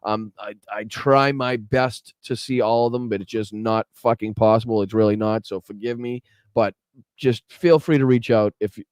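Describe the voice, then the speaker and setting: A man's voice: lowish voice, steady tone, moderate pace, a little mellow, clean tone, no room sound. A man hosting a political podcast livestream, chatting casually with his chat, swearing freely and sounding sarcastic. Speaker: podcast host.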